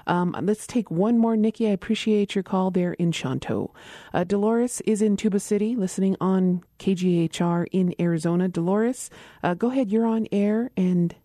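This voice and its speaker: Call-in radio host, mellow tone, dry studio sound, keeps the callers moving. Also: medium pitch, no echo. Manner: brisk, moves callers along. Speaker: radio talk show host.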